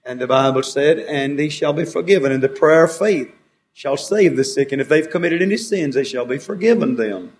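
A man preaches a sermon, his voice sitting a little higher than most men's. He quotes old scripture and swings his emphasis up and down, pressing hard on key words and then dropping low and quiet. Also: moderate pace. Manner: preaching with rising and falling emphasis, quoting scripture.

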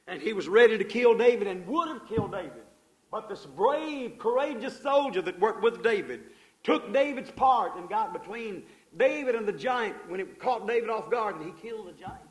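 A man preaching a sermon in a fervent, folksy way, swinging between loud passages and hushed ones and calling his listeners folks. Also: sits high, poor audio. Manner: folksy, addresses the audience as folks.

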